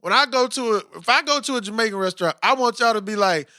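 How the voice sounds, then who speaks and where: A man's voice: high voice, animated, fast, pushed and bright, no echo, clean studio sound. A man from the United States, hosting a podcast interview in an emphatic, playful, slangy way. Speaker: podcast host. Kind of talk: animated conversational interview.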